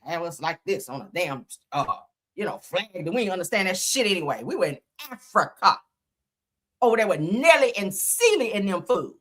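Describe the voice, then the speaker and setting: A woman's voice: on the low side, sing-song, normal speed, fairly bright tone. A woman hosting a livestream, giving blunt, profane commentary and often laughing as she talks. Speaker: livestream host.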